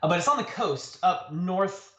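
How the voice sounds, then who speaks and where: A man's voice: animated, moderate pace, fairly bright tone. Chatty man in an echoey room. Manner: laughing storyteller, jumps high when quoting. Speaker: guest artist. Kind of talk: casual livestream chat. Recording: roomy echo.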